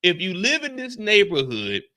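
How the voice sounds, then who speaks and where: Bright-voiced male host, comedic reaction, jokey riffing, big pitch swings. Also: wildly swooping pitch, normal speed, no echo, studio quality. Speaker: show host. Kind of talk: comedic TV after-show reaction.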